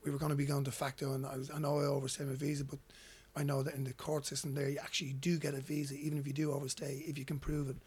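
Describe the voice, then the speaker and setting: A man's voice: medium pitch, completely flat delivery, rapid-fire, few pauses, a little mellow, husky. A man from Ireland with an Irish accent, a guest telling personal stories in a loose, repetitive way. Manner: rambling, repeats words when starting sentences. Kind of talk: casual storytelling.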